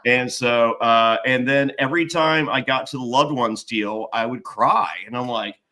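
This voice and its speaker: A man's voice: mid-range voice, measured pace, bright, forceful tone. A man telling stories in casual chat, acting out quotes with big jumps in his voice, swearing and laughing often. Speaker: podcast host and former reality contestant.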